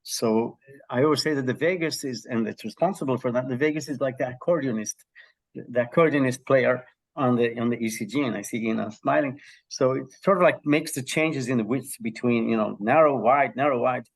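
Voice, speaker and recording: A mid-pitched man from Israel with a gravelly texture, talking as a podcast guest. He tells his story in an animated way, full of ums and restarts, over a video call. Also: fairly quick. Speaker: guest, health psychology professor. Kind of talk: conversational interview answer.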